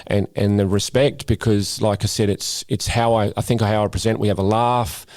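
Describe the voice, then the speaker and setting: A man's voice: lowish voice, little pitch movement, normal speed, a little mellow, no room sound. A middle-aged Australian man, a guest speaker and former police officer, chatting casually in a podcast interview and often repeating words as he starts a sentence. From Western Australia.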